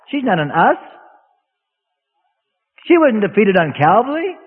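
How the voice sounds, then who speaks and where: High-voiced preacher on tinny radio. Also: male voice, sing-song, slow pace, slightly rough. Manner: emphatic, folksy and argumentative. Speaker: pastor. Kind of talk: sermon. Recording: tinny radio broadcast with long hall reverb.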